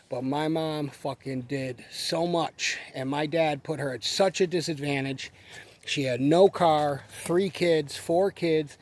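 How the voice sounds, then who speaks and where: A man's voice: a little high, a little mellow. A man in his forties giving a blunt, profane casual rant to the camera, repeating himself for emphasis. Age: 40s. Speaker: vlogger.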